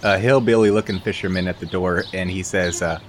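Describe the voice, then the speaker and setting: A man's voice: deep voice, steady tone, brisk. A laid-back man playing in a tabletop game who narrates scenes with laughs. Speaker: player. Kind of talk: tabletop role-play.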